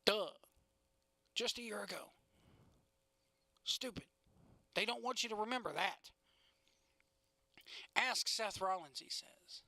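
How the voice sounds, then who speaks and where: A man's voice: sits high, measured pace, gravelly, pauses often, bright, forceful tone, no room sound. A young man hosting a casual wrestling podcast, rambling through a recap with sarcastic asides and frequent laughs.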